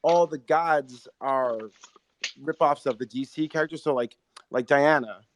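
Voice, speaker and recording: A man's voice: a little high, slight background noise. A man, a screenwriter and show creator, talking enthusiastically in casual podcast conversation with many fillers. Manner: rapid, enthusiastic, lots of fillers.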